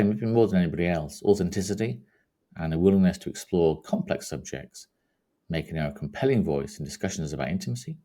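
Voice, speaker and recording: Male interview host, very deep voice, measured and gentle delivery. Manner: measured, formal introduction then gentle questions. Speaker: podcast host.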